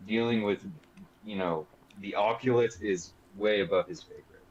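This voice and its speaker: A man's voice: fairly low pitch, moderate pace, a little mellow. A man playing a tabletop game over a voice call, explaining things at length in a laid-back way. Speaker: player. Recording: muffled voice-call audio with faint hiss.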